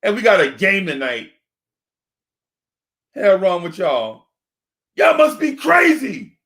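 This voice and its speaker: A man hosting a sports fan talk stream into a desk microphone. He rants in an animated, repetitive way and keeps yelling the same rhetorical questions. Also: sits high, slow. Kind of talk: live-streamed fan rant.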